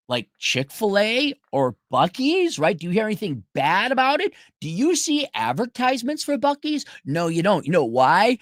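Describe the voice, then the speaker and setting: A man's voice: very high-pitched, very animated, normal speed, few pauses, a bit bright, dry recording, studio quality. A man hosting a show, delivering a profane, sarcastic ranting monologue. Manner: sarcastic, swears a lot. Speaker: podcast host.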